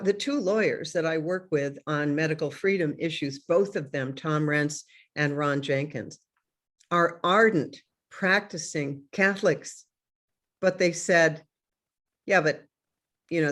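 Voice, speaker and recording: A woman doctor who is a guest in a casual interview, speaking in a reflective, measured way over a video call. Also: low voice, fairly bright tone.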